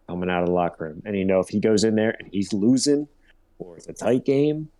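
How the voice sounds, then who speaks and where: A man co-hosting a casual sports podcast, ranting in a profane, rambling, animated way. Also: on the low side, fast. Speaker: podcast co-host.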